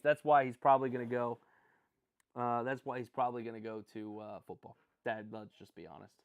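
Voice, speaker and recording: A young man with a medium-pitched voice runs a live stream covering a sports draft, rambling with excitement and often correcting himself mid-thought.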